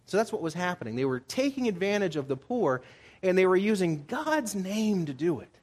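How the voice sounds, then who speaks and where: Man, slightly higher voice, conversational sermon, acts out quotes. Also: sing-song, normal speed, a little mellow. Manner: conversational, acts out quoted speakers with rising emphasis. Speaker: pastor. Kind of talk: sermon, Bible study teaching.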